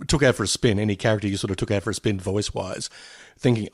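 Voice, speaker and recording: Halting podcast co-host, dry sound. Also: male voice, lowish voice, fairly even intonation, dry recording. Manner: halting, rephrasing questions. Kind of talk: podcast interview.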